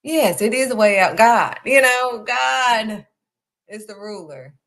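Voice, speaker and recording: A woman's voice: fairly high pitch, expressive, slow pace, a bit bright. A woman hosting a live stream, giving a faith encouragement talk and stressing her points by repeating them. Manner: emphatic, repeats key phrases. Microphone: streaming setup.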